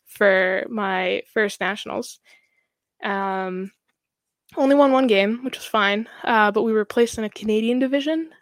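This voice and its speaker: A young woman talking in a loose, chatty way, full of fillers and quick laughs. Her pitch sits in the middle, and the recording is dry and close with no room around it. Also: no echo. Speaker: guest, hockey goaltender. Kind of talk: casual podcast chat.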